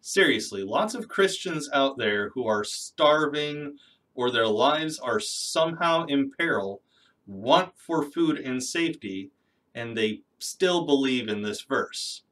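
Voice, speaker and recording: A man of middle pitch delivers skeptical reaction commentary. His voice sounds slightly distant from the microphone. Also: lively intonation, takes it slowly, a bit bright. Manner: critical, skeptical.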